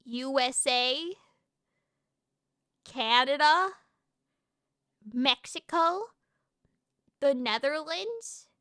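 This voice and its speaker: High bright-voiced American woman streamer. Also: no room sound. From United States. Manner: excitable, sweary, quick comebacks. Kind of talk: casual live-stream chat.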